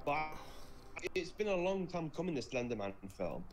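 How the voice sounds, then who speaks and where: A man's voice: fairly high pitch, sing-song, moderate pace. A man chatting casually with a streamer, hesitant and laughing often. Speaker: call guest. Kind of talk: casual chat.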